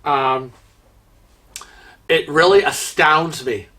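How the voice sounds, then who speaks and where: A man hosts a cruise vlog with a bright, sharp-edged voice. He tells his story as an exasperated rant, firing off rhetorical questions. His speech is loose and full of fillers and restarts. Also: on the high side, very slow. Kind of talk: storytelling monologue.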